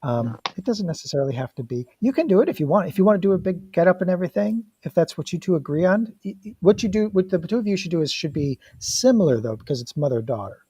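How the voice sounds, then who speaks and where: Easygoing man with a husky voice. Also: high voice, lively intonation, quick pace, few pauses, mellow, no room sound, low-quality recording. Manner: easygoing and reassuring. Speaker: director. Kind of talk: casual production meeting.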